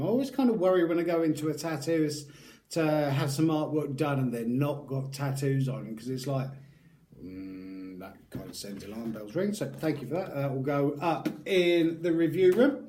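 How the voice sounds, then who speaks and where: A man unboxes and reviews a tattoo aftercare product for his viewers, addressing them directly at a moderate pace. His mellow voice is on the high side, and his talk is rambling, chatty and full of jokes.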